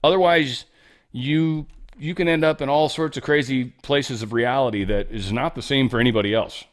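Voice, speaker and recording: A man's voice: medium pitch, moderate pace. A man hosting casual political commentary, rambling, profane and sarcastic, with mocking asides.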